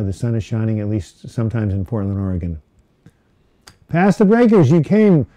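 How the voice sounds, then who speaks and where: A man's voice: on the low side, dark tone, dull audio. A man hosting a casual live-stream Q&A, reading viewer questions aloud and rambling with many fillers and restarts. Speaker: host of a live mental health Q&A. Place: home setting, Portland.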